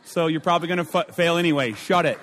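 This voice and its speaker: A man's voice: brisk, a bit bright, slight background noise. Brief: young male chapel speaker, bantering and comedic, long hall reverb. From Minnesota. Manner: joking, high-energy, audience banter. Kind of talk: comic sermon opener.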